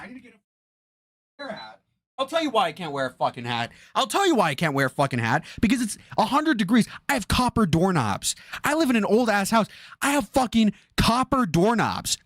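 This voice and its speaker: A man's voice: high-pitched, dry recording, clean studio sound. A man in his twenties doing livestream commentary from his bedroom, ranting in an exasperated, profane way. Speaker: streamer. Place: bedroom with a fan blowing.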